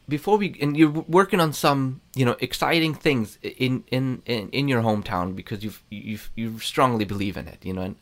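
A man's voice: on the low side, fairly bright tone. Chatty male interview host. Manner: chatty, many fillers and restarts. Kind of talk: casual interview chat.

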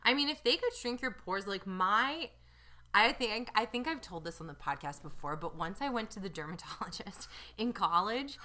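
Lively, bright-voiced woman podcaster. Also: mid-range voice, moderate pace. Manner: animated, jokey storytelling with acted-out quotes. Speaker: podcast co-host. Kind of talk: casual chat.

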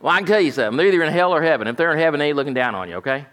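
A man's voice: on the high side, expressive, racing, a bit bright. A male pastor, preaching a folksy, emphatic sermon and asking "amen?" often.

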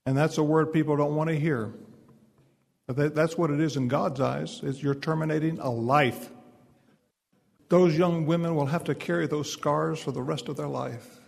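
A man's voice: on the high side, fairly even intonation, normal speed, vocal fry, a little mellow, in a large hall. A man preaching at a speaking event, telling a story with quoted dialogue and building to emphatic declarations. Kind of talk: speech at a fundraising event.

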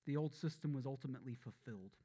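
Male pastor with a Southern accent, mid-pitched, preaching with intensity that swells and falls. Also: fast, warm tone, breathy edge. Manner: impassioned, building to emphatic peaks then dropping low and solemn. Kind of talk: sermon.

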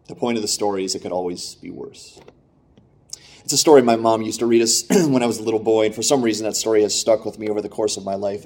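A man preaching a sermon, telling a story and reading scripture in a steady, measured way. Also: fairly low pitch.

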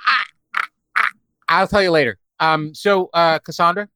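A podcast host from French Canada chatting casually in a playful, lively manner. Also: male voice, a little high, moderate pace, a little hiss or hum. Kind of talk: casual chat.

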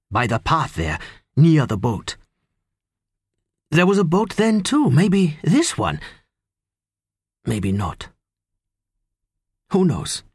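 A man reading an audiobook, voicing a middle-aged German man who speaks English with a German accent, halting and quiet with emotion. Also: mid-range voice, slightly rough, dry recording, clean studio sound, full character voice. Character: older German man, wistful, soft-spoken.

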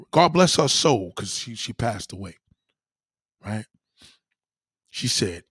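A man casually telling a profane story to his followers, animated and slangy, often asking "you know what I mean". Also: medium pitch, slightly rough, dry recording, studio quality.

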